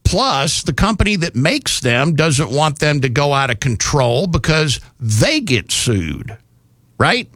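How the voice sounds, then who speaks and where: A man's voice: fairly high pitch, very animated, takes it slowly, fairly bright tone, no echo, studio quality. A man hosting a talk radio show, rambling in a folksy way with frequent fillers and restarts.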